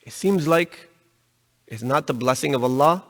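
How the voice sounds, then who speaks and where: A man giving a religious lecture, telling a story in an animated way and raising his voice to stress his points. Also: mid-range voice, normal speed. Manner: animated storytelling, voice rising with emphasis. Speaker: religious teacher. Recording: long reverb in a hall.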